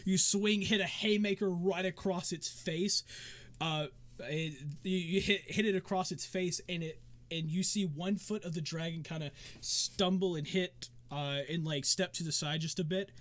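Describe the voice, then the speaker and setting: A man's voice: high voice, fairly even intonation, moderate pace, a bit bright. A man narrating as game master of a tabletop game, in a casual, rambling way.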